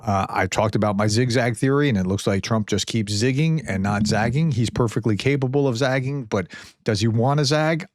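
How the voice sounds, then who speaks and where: A man's voice: medium pitch, brisk, no room sound, studio quality. A man giving earnest, casual commentary on translated clips, paraphrasing quotes in a plain reading voice.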